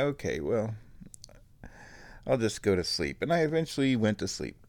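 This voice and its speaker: Male vlogger, lowish voice, chatty and meandering, casual home-video storytelling. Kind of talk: casual rambling vlog.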